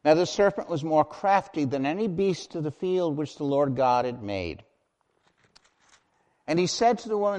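A man's voice: on the high side, animated. Emphatic male preacher in a reverberant hall. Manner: emphatic, builds to loud declarations, slow spelling. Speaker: pastor. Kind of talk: sermon.

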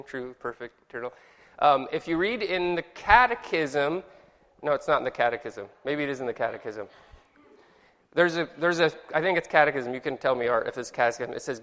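A man with a fairly high voice teaches an informal Bible study. He rambles in a friendly way, quizzes the class and stops to correct himself. His voice rings out in a hall with a long, lingering echo. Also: brisk, a bit bright.

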